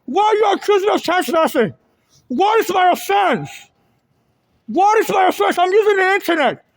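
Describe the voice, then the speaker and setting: Very high voice, agitated and repetitive, phone recording in a ferry terminal. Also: big pitch swings, moderate pace, creaky, dry recording. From Nigeria. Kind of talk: filming a confrontation, then a rambling monologue. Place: indoor public ferry terminal.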